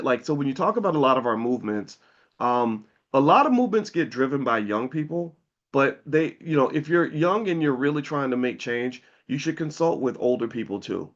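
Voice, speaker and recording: Blunt, fiery man in his fifties. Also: medium pitch. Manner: blunt, fiery, swears freely. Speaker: commentator and educator. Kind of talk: storytelling monologue. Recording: slightly muffled recording.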